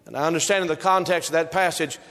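A man's voice: on the high side, fast, sharp tone. A male preacher delivering a sermon with an emphatic, repetitive preaching cadence, recorded in a church sanctuary. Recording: reverberant hall.

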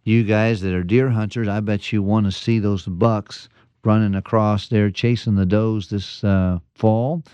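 A man's voice: on the low side, fairly even intonation, a little slow, dark tone, clean tone, dry recording. A man pastor giving a folksy radio devotional, telling jokes and stories with chuckles and restarts.

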